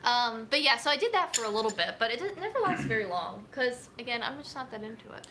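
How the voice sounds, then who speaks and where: A woman's voice: a little high, big pitch swings, fast talker, pushed and bright, a little hiss or hum. A woman hosting a casual livestream from a home filming corner, chatting in a rambling way with lots of fillers. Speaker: nutrition coach hosting a livestream. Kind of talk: casual live chat. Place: home room set up for filming. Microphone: camera on a tripod.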